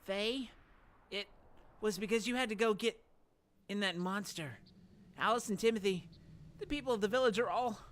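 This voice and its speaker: A man voicing an angry, grieving young village boy who shrieks accusations in a high, strained voice. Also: very slow, few pauses, fairly bright tone, exaggerated voice. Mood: accusing.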